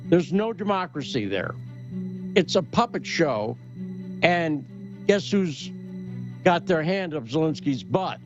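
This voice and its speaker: Brief: high-pitched male host, sarcastic and combative, muffled recording with music. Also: big pitch swings, slow pace, pauses often. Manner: sarcastic, combative, rhetorical questions. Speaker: podcast host. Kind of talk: opinionated commentary chat.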